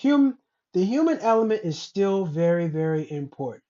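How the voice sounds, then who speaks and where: A woman hosts a casual commentary show, ranting bluntly and rambling with plenty of profanity. Her voice is on the low side and dark, with big pitch swings at a moderate pace, and the lo-fi recording sounds dull.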